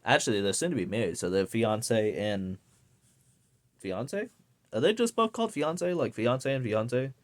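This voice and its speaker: A man's voice: mid-range voice, expressive, measured pace. A young man ranting casually to camera, rambling and swearing with lots of fillers. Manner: profane, rambling, many fillers. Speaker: vlogger.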